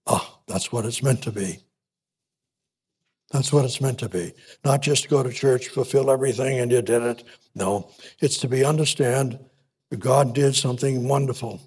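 A man preaches a sermon emphatically and repetitively, with frequent restarts and halting pauses. His voice is husky, medium-pitched, and darkish in tone.

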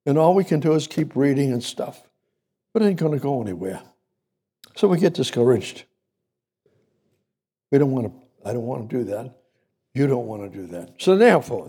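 Male preacher, mellow husky voice, repeats words to build emphasis, sermon recorded in a hall with long reverb. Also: mid-range voice. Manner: repetitive, building emphasis, reads scripture aloud.

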